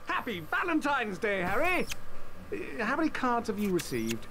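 A vain, cheerful wizard teacher from a video game, boasting in a chirpy, bright-toned way. The voice sits a little high and swings up and down with lively pitch. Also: female voice, moderate pace, crowd noise. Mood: boastful.

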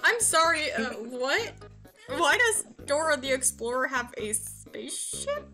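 Woman streamer, high and bright, giggly casual reader. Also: sing-song, soft background music. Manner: giggly, quick narrating. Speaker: streamer host. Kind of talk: reading fanfiction aloud, casual.

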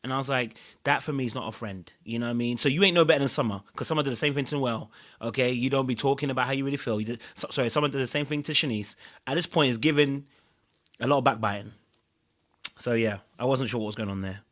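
A man's voice: medium pitch, a bit bright. A man co-hosting a podcast, giving his opinion on a reality show and often checking in with "you know what I mean". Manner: rapid, repetitive, rhetorical questions like "you know what I mean". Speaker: podcast co-host. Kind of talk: casual reality-TV recap chat.

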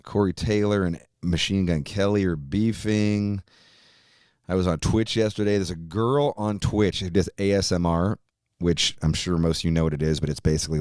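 A man's voice: sits low, normal speed, darkish tone, no room sound, studio quality. A man hosting his own podcast, chatting casually in a rambling way, swearing a lot and laughing often. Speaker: podcast host. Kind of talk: casual profane chat.

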